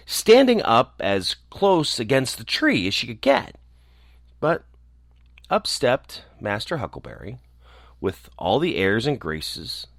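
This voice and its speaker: A man reading a children's story aloud, expressive and animated. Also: fairly low pitch, no room sound, clean studio sound.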